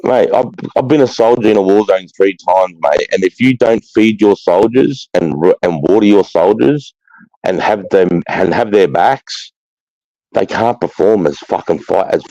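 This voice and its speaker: A man's voice: fairly low pitch, moderate pace, mellow, no room sound. A man with an Australian accent, an army veteran talking in casual chat, fired-up, swearing heavily and saying "mate" constantly, over a video call. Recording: slightly dull lo-fi sound.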